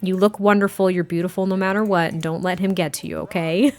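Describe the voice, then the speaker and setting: A woman voicing a caring father who speaks softly and reassuringly to his daughter. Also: on the low side, steady tone, quick pace, natural voice. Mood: tender. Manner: soft, reassuring.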